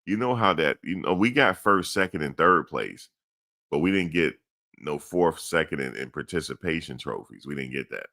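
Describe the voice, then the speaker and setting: A man's voice: extremely low pitch, expressive, moderate pace, creaky, pushed and bright. A middle-aged man giving a blunt, blustery sports rant, repeating his points and addressing the audience directly. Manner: blunt, blustery, repetitive ranting. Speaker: sports commentary host.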